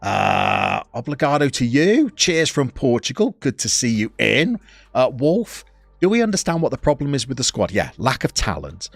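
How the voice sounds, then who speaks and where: A man, live-streaming a football game, reading out viewers' messages and commenting on the match in a chatty, playful way with sudden bursts of excitement. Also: medium pitch, normal speed, creaky, no room sound, soft background music. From England.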